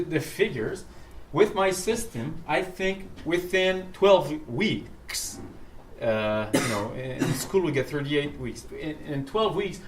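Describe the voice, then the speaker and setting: A man, a university French professor whose first language is French, talks lively on stage, with many fillers and restarts. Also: on the high side. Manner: animated, storytelling, hesitant fillers. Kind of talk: interview talk on stage. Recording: echoey room, far from mic, faint noise.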